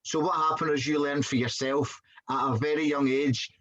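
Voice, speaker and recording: A man's voice: on the high side, steady tone, moderate pace, a bit bright, lo-fi sound. A man earnestly explaining his reflections on a guest's story. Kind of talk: reflective commentary.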